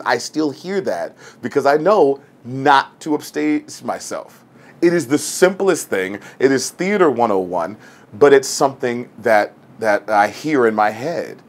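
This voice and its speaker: A man in his forties, a stage actor, telling a personal story in a lively way and acting out the voices he quotes. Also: medium pitch, moderate pace. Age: 40s. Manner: animated, acts out quoted voices.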